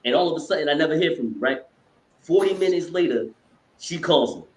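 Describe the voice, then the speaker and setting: A man's voice: on the high side, a little fast. A man co-hosting a podcast, telling stories in casual, slangy banter. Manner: slangy, animated. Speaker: podcast co-host. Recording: echoey room.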